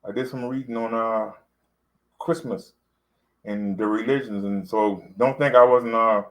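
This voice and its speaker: A man's voice: on the low side, steady tone, a little slow, poor audio. A man, talking to camera in a loose, rambling vlog, full of fillers and repeats. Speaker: vlogger. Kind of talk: casual talk to camera.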